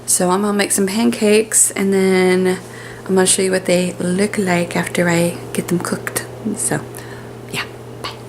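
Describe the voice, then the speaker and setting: A woman's voice: fairly low pitch, flat delivery, measured pace, background noise. Chatty woman vlogging at home. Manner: chatty, cheerful, talks to her pets in baby talk. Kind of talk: casual home vlog. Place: home kitchen and living room.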